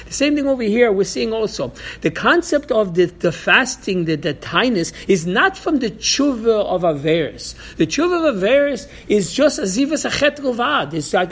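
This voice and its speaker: A man giving a religious lesson, telling a story in a halting way with many repeated words. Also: high-pitched, lively intonation, a bit bright, husky. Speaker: Torah teacher.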